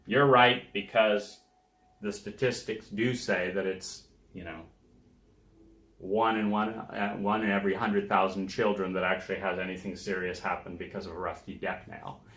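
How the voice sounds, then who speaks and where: A man with a somewhat low voice hosts a reflective self-help talk. He speaks conversationally but with emphasis, acting out the people in his examples. The room around him rings with noticeable echo. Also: fairly even intonation, moderate pace, a bit bright. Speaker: podcast host. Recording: echoey room.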